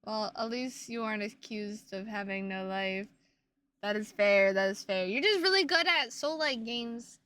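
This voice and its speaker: A woman's voice: medium pitch, moderate pace, a bit bright. A woman streaming and chatting casually with her viewers, playful and teasing, with plenty of swearing.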